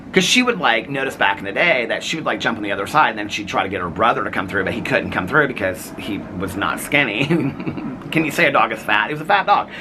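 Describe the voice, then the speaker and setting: With background noise behind him, a vlogger of medium pitch works through a lengthy, casual tale. He's rambling and filler-heavy, saying "like" constantly and mimicking others in a louder voice.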